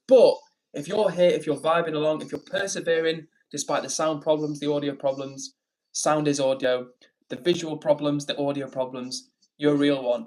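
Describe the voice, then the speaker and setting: An English man hosting a casual livestream, upbeat and chatty as he reads out comments and gives shout-outs. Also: fairly high pitch, low-quality recording. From England. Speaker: livestream host.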